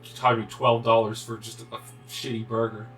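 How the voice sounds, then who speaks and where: A man's voice: mid-range voice, little pitch movement, normal speed, fairly bright tone, recorded from a distance, faint music behind, poor audio. A young man co-hosting a gaming video, telling a rambling, swearing story with many restarts. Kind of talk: casual chat while playing.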